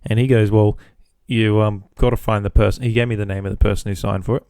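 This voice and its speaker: A man's voice: fairly low pitch, steady tone, fast, darkish tone, no room sound, studio quality. A man hosting a podcast, telling a casual story about his workday with swearing, acting out both sides of phone calls. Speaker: podcast host.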